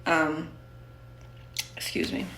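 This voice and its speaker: A woman's voice: low voice, sing-song, very slow, vocal fry, a bit bright, roomy sound, a little hiss or hum. A woman telling her own story in a casual, candid, blunt way, full of "like". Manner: candid and blunt, with many fillers of "like".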